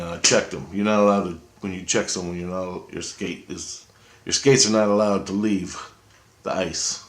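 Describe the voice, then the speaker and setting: Low-voiced man, profane excitable storyteller, roomy echoey recording. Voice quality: profane, excitable, talks in restarts. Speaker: vlogger. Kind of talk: rambling first-person storytelling.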